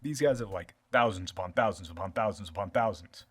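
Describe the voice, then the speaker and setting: A man's voice: sits low, brisk, fairly bright tone, husky. A man narrating as game master in a loose, filler-heavy, profane way.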